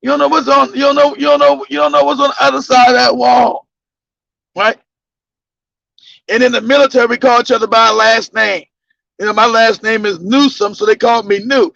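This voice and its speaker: A man telling a crude story in loud, casual, profane talk, laughing and breaking into shouts. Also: extremely high pitch, steady tone, normal speed, dry recording. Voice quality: gravelly. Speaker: podcast host telling a story. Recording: dull lo-fi dry sound.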